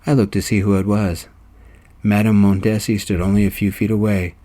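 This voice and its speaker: A man narrating a romance story as its writer and reader, in steady, even audiobook narration. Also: lowish voice, fairly quick.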